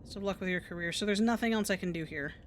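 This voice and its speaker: A woman's voice: medium pitch, racing, a little hiss or hum. A woman streamer giving casual, dry and sarcastic commentary while playing a game.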